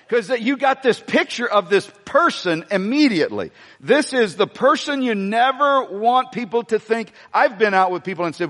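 A man's voice: high voice, moderate pace. A man preaching a sermon to a congregation, joking and asking the room questions as he goes. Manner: animated preaching with humor and asides to the congregation. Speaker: pastor. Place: church sanctuary before a congregation. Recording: long hall reverb.

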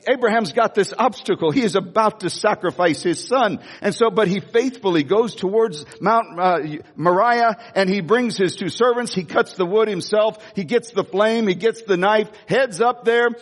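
A man's voice: high voice, normal speed, few pauses. A male pastor preaching a sermon, telling stories animatedly with emphatic repetition and frequent laughter. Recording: long reverb of a large hall.

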